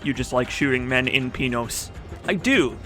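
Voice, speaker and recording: A man with a mid-range, expressive voice talks at a moderate pace, casually commenting on his own speedrun video. He jokes, swears, rambles and reads chat aloud in a voice-over recorded on a desk mic, with game music in the background.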